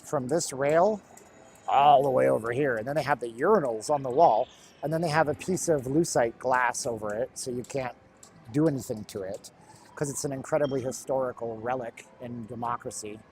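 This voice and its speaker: A man's voice: mid-range voice, moderate pace, darkish tone, a little hiss or hum. Rambling man walking with live commentary. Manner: chatty, rambling, jokey asides. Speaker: livestream host.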